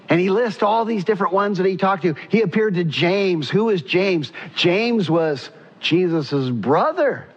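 A preacher man with a slightly raised pitch delivers his sermon with animated energy. He acts out voices and swings between pressing questions and hushed, tender moments. The recording sounds dull and lo-fi. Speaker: pastor.

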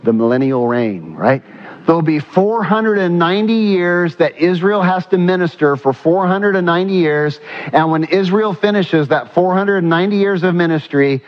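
A male pastor preaching a sermon. He asks the congregation questions, answers them himself, and slows down to stress key points. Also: fairly high pitch, dull audio. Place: church.

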